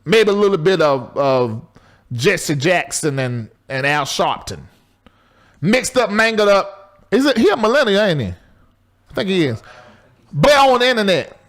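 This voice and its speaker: A middle-aged man, hosting a live call-in talk show in a loose, chatty way, jumping between loud exclaims and low asides. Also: very animated, unhurried, pauses often. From Southern US.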